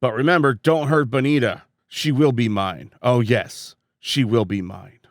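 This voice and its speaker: A man's voice: mid-range voice, a little slow, no room sound, studio quality, voice pushed down, close to an everyday voice. A man voicing a scheming, jealous young male bunny rival in a game, sinister and gloating.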